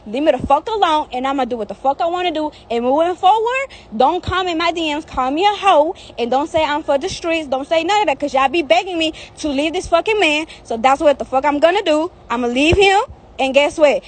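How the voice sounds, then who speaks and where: A woman's voice: high-pitched, brisk. A young woman on a phone live stream outdoors, ranting heatedly with lots of profanity and repetition. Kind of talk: angry live-stream rant. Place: outdoors in the heat.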